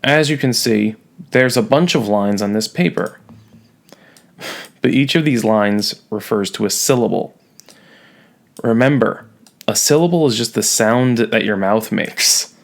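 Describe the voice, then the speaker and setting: A man's voice: medium pitch, a little slow, gravelly, pauses often. A man teaching a recorded online lesson, talking students through a poem with wry, self-mocking asides.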